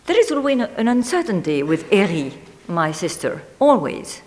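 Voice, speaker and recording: A woman reading a literary essay aloud in a measured, deliberate way, lingering on single words. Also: mid-range voice, big pitch swings, a little mellow. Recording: long hall reverb.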